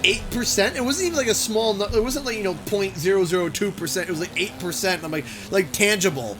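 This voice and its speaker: A man's voice: sits high, fast talker, music in the background. A young man from Canada chatting casually and joking with viewers while playing a racing game on a headset mic. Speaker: gaming streamer.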